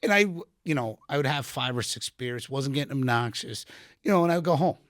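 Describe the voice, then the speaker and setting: In a podcast studio room, a middle-aged former Army sergeant spins rambling tales packed with fillers and quoted dialogue during a relaxed chat. His mid-range voice runs a little fast, and the clean studio audio has no echo.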